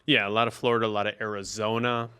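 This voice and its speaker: A man's voice: on the low side, flat delivery, racing, sharp tone, clear, resonant tone. A man with a Wisconsin accent, co-hosting a podcast with dry, playful short replies. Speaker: podcast co-host. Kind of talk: casual podcast banter.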